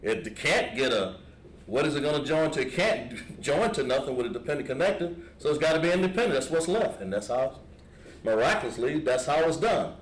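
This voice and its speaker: A man's voice: medium pitch, animated, fairly quick. A man with a Southern American accent, patiently explaining a lettering lesson step by step to a class. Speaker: Hebrew lettering teacher. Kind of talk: classroom instruction. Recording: echoey room with background noise.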